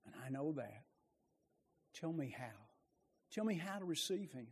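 A man preaching a sermon with passion, rising to loud bursts and dropping to quiet, low asides. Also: big pitch swings, measured pace, slightly rough, big-room sound.

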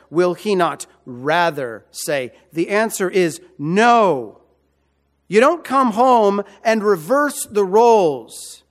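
A man preaching a sermon, repeating key phrases and asking emphatic rhetorical questions. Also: sits high. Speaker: pastor.

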